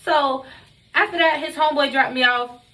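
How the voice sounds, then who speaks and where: A woman's voice: high-pitched, normal speed, bright, forceful tone, slight background noise. A young woman telling a story on her vlog, blunt and emphatic, cursing constantly. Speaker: vlogger.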